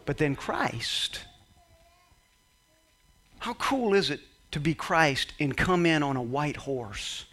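A male pastor preaching a sermon, emphatic, dropping quiet then rising to shouts. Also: fairly high pitch, big pitch swings, slow, pauses often.

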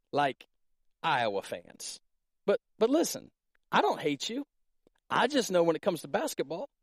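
A man preaching a sermon as pastor in Iowa, in a casual, joking way with animated stories. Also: sits high, no room sound, studio quality. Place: church in Iowa.

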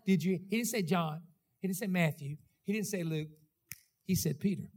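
A man with a high-pitched voice preaches a sermon. He speaks in a rhythmic cadence and keeps checking in with his congregation as he drives each point home. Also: moderate pace, a little mellow. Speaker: pastor.

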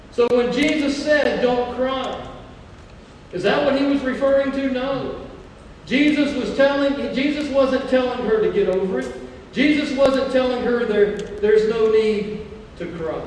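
A male pastor preaching a sermon, slowing down to stress key phrases and mixing scripture with stories about his own family. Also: high-pitched, darkish tone, a little hiss or hum. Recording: echoey hall, mic far off.

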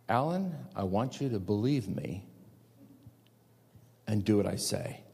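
A preacher voicing God as a calm, firm male father figure, patient but commanding. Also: on the low side, a little slow, creaky, husky, exaggerated voice. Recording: long reverb of a large hall.

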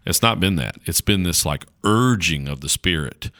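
A man with a low voice and a rural North Carolina accent speaks as a pastor in a relaxed interview. His delivery is folksy and earnest, bright and forceful in tone, and he often restarts his sentences. The recording is close and dry. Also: normal speed, no echo. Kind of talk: casual conversational interview.

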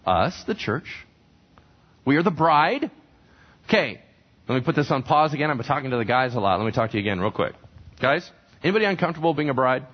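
A man's voice: mid-range voice, very animated, a little fast, pauses often, husky. A man preaching a sermon as a pastor, talking conversationally and asking the congregation questions. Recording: dull lo-fi recording.

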